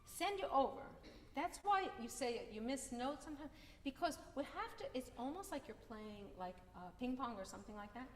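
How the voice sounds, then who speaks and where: A woman's voice: high voice, very animated, moderate pace, slight background noise. A woman teaching a piano masterclass, encouraging and singing phrases to demonstrate. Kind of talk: masterclass coaching. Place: concert hall with piano. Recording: echoey hall with piano playing.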